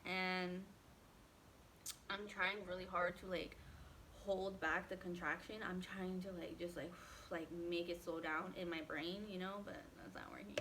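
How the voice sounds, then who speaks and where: A woman telling a personal story in a casual storytime vlog, animated and acting out what others said, with many "like" fillers. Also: lowish voice, unhurried, a little hiss or hum. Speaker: vlogger.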